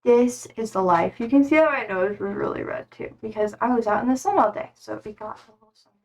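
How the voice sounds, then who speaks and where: A woman's voice: on the high side, a little fast, vocal fry, darkish tone. A young woman streaming live, chatting casually with her viewers, laughing often and swearing freely. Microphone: streaming setup.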